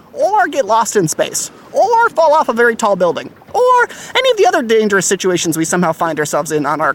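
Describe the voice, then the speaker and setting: A woman's voice: fairly high pitch, fairly bright tone, exaggerated voice. A woman playing a goofy, eager first mate who co-hosts a scripted kids' comedy podcast. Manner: chipper, zany and fast-talking.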